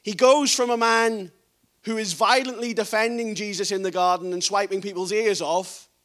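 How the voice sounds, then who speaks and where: A man preaching a sermon, reading scripture in a low, quiet voice and building to emphatic, raised passages. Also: steady tone, normal speed.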